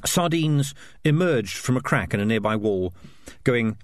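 A man narrating an audiobook as an expressive storyteller. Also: lowish voice, moderate pace, no echo, clean studio sound.

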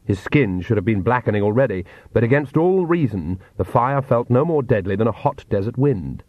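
A man's voice: mid-range voice, expressive, moderate pace, dry recording, highs cut off. Dry-voiced male audiobook narrator. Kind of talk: scripted narration.

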